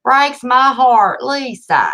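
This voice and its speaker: A woman's voice: sits high, big pitch swings, slow pace, bright, forceful tone. Chatty woman hosting a live stream. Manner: chatty, apologetic, folksy. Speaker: host. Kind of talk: casual live-stream chat.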